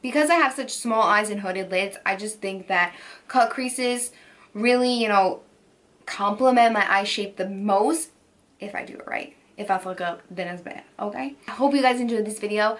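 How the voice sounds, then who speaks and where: A woman's voice: mid-range voice, moderate pace, fairly bright tone. A young woman with a cold and a nasal voice, chatting through a makeup tutorial voiceover with gushing, casual talk full of fillers. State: has a cold. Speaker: beauty vlogger.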